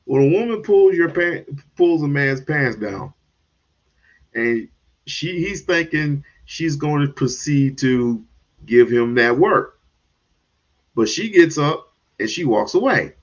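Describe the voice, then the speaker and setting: A man hosting a livestream, ranting in commentary with sudden loud bursts and chuckles. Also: fairly high pitch, animated, slow pace, muffled recording. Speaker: streamer host.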